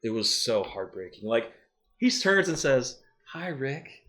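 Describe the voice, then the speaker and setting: Male co-host, mid-range voice, lively casual recap talk. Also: medium pitch, unhurried. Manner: animated, acts out character lines. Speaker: show co-host. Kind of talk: casual review chat.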